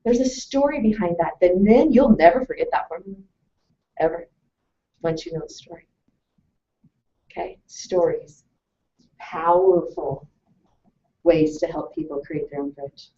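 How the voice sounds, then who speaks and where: A woman presenting a lively talk to a live audience, telling stories and asking questions. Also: fairly low pitch, a little slow, pauses often. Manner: animated storytelling, asks the audience questions. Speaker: webinar presenter. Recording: distant mic, muffled lo-fi sound.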